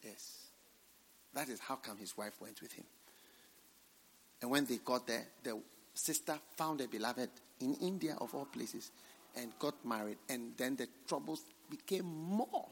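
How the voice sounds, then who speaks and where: A male preacher delivering a revival sermon. He swings from hushed asides to shouted points and repeats his phrases for emphasis. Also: medium pitch, lively intonation, measured pace, creaky, a little hiss or hum. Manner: dramatic swings between hushed and shouted lines.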